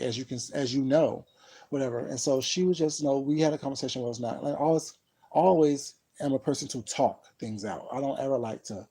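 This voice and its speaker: A man's voice: mid-range voice, gravelly, warm tone, breathy edge, poor audio. A man casually telling a personal story to his viewers, rambling and emphatic, with lots of "you know what I'm saying". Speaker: vlogger.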